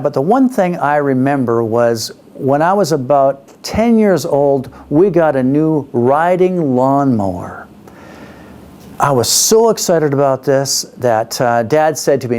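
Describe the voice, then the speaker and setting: A middle-aged Canadian business speaker tells a story conversationally, his medium-pitched voice animated and a little mellow at a measured pace. Fillers and restarts pop up throughout.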